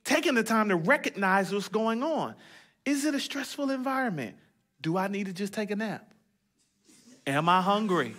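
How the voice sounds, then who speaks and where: A man's voice: sits high, animated, moderate pace, fairly bright tone. A man pastor preaching a sermon, praying aloud in short emphatic phrases and mixing in humor and repetition.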